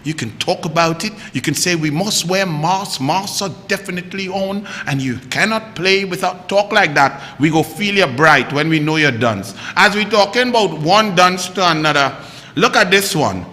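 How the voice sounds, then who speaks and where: Trinidadian male host, sharp bright tone, mocking political rant, long room reverb. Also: sits high, animated. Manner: mocking, rapid-fire rhetorical questions in dialect. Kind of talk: heated political commentary.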